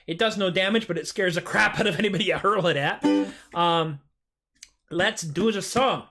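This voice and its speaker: A man hosting a live music stream, bantering goofily and theatrically between comic songs. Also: normal speed. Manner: goofy, theatrical, jumps in pitch. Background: acoustic guitar.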